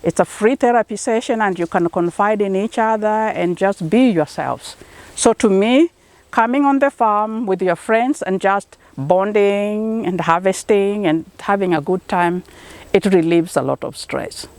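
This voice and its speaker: A middle-aged woman from Kenya speaks with a Kenyan accent in an interview. She answers at a medium pitch and in a mid-range voice, earnest and encouraging, easing into little stories as she goes. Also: a little slow, a little mellow, dry recording. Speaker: organic corn farmer, interviewee.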